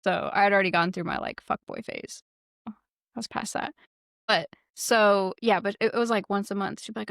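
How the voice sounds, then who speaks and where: Gravelly-voiced woman telling profane stories. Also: mid-range voice, a little fast, no echo, studio quality. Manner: profane, animated storytelling. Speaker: podcast co-host. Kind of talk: casual podcast chat.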